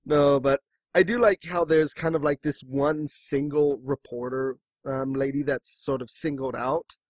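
A man's voice: mid-range voice, fairly even intonation, measured pace, no echo. A man hosting a casual podcast, chatting and joking, now and then quoting lines in other voices. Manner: chatty, jokey, breaks into quoted voices. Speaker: podcast host. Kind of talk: casual chat.

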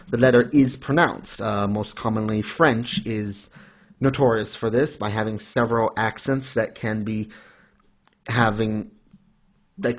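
Casual male co-host with a middle-pitched voice who lectures in a playful, mock-formal tone. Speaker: podcast co-host. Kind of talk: casual anime discussion.

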